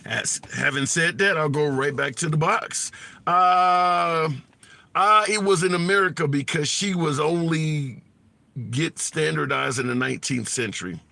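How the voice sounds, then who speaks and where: A man's voice: fairly high pitch, measured pace, creaky, pushed and bright, no room sound. A man hosting a casual livestream, blunt and colloquial, reading and answering comments. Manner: blunt, colloquial, laughs at his own jokes. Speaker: livestream host taking callers. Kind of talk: casual opinionated livestream chat.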